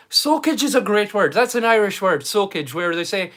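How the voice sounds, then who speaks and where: A man's voice: high voice, a little fast, hardly any pauses, fairly bright tone. A Scottish man in his thirties chatting casually on a livestream, rambling and often repeating his first words. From Scotland. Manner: rambling, repeats words when starting sentences. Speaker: livestream host.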